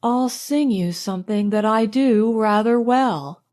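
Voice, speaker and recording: A woman's voice: on the high side, a little slow, a little mellow, close to an everyday voice. A woman narrator voicing a confident young woman who fancies herself a singer, speaking in a self-assured, showy way. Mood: boastful.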